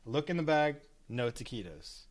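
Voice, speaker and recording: A man in his thirties co-hosting a podcast, telling an everyday story. He talks in a casual way, swears freely and acts out what people said. His pitch sits in the middle of the range. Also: moderate pace. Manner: animated, acts out quotes with cursing. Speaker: podcast co-host.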